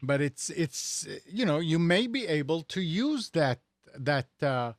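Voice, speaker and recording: Slow, rambling man with a higher voice. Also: very animated, no echo. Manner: rambling, sarcastic, self-correcting. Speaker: radio show host. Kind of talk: casual tech talk.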